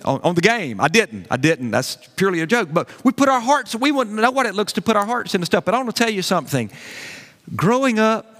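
A man preaching a sermon as pastor, animated and conversational, with folksy asides to the congregation. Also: high-pitched, quick pace, big-room sound.

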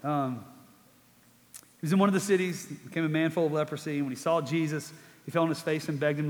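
A man's voice: a little high, steady tone, fairly quick. A man preaching a sermon in a conversational way, asking rhetorical questions and repeating words for emphasis. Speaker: pastor. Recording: long hall reverb.

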